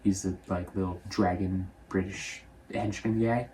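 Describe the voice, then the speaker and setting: A young man casually recapping a movie, rambling and offhand, slipping into quick character voices. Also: low-pitched, steady tone, dark tone, slight background noise. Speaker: movie reviewer.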